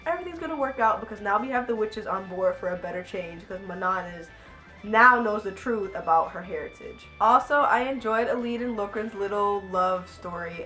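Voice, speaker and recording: A young woman reviewing a book in casual, rambling chat, animated and gushing, full of asides. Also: mid-range voice.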